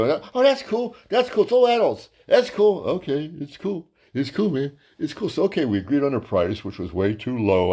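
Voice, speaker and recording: Hosting his own comedy show, a man spins a meandering, foul-mouthed stand-up tale. He's crude and full of fillers, staying lively and leaping into high-pitched voices whenever he quotes someone.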